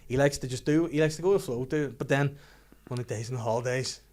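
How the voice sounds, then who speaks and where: A man with a Northern Irish accent telling funny stories in casual podcast chat, animated and often laughing. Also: mid-range voice, fast talker. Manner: animated, laughing storyteller with lots of restarts. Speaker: podcast co-host.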